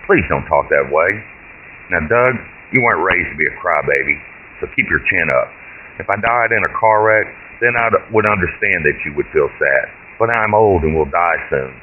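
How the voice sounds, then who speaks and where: A man's voice: low voice, lively intonation, normal speed. A man voicing a frail, foul-mouthed, bossy old great-grandmother in a short story, speaking bluntly and commandingly. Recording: tinny phone-like line with hiss.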